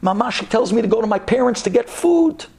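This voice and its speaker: Guy acting out a crying young woman, squeaky and raspy, begging for help. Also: expressive, brisk, darkish tone, heavily acted. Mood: distraught pleading. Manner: sobbing, outraged rising pleas.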